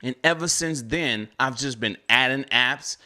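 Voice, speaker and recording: A young man telling his story as a delivery driver in a casual live-stream chat, animated and climbing higher when he gets heated. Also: measured pace.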